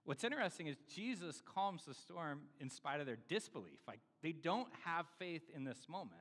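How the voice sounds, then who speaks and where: Conversational pastor in a hall. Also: male voice, a little high, sing-song, normal speed, a bit bright. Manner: conversational, self-deprecating, many fillers. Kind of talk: sermon. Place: church sanctuary. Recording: reverberant church hall.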